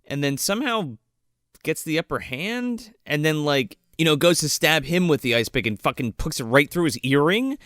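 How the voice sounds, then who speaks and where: A man's voice: a little high, no echo, studio quality. A man co-hosting a podcast, casually and profanely retelling a movie scene by scene. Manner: profane, animated retelling with quick impressions. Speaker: podcast co-host. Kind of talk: casual movie recap chat.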